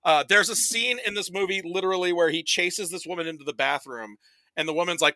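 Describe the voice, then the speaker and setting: A young man with a very bright, forceful voice and a slightly high pitch tells stories in casual podcast chat. He breaks into exaggerated impressions, and the close mic sounds dry. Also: a little fast, dry recording, low-quality recording. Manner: animated storytelling with exaggerated impressions. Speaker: podcast guest.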